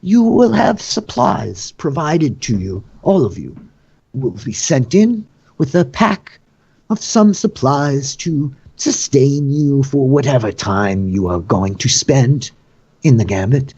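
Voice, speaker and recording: A man voicing a courteous but menacing male noble official, speaking in a smooth, mock-gracious manner. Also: mid-range voice, sing-song, slow pace, a little mellow, dull audio, pitched above the performer's own voice, exaggerated voice. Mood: ceremonial.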